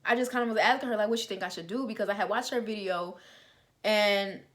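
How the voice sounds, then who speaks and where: A woman's voice: medium pitch, fast, a bit bright. A young adult woman telling a personal faith testimony in an informal, conversational way, with plenty of fillers. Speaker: vlogger sharing a testimony.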